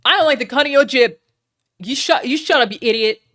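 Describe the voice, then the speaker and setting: A woman with an Australian accent putting on a loud, aggressive male political streamer, shouting insults at chat. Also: high-pitched, brisk, pitched above the performer's own voice. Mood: mock-angry. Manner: shouting insults, mock-angry.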